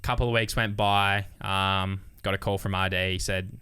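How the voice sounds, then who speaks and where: A man's voice: low voice, moderate pace, clean tone, no echo, clean studio sound. A young Australian man, a racing driver, telling stories in casual chat and acting out the quotes. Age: young adult. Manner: animated storyteller, acts out quotes with swearing.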